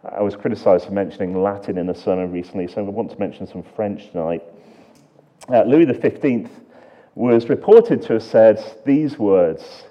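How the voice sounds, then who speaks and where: A man preaching a sermon, earnest and full of rhetorical questions, swinging between emphatic lines and hushed ones. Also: fairly low pitch, normal speed, lo-fi sound.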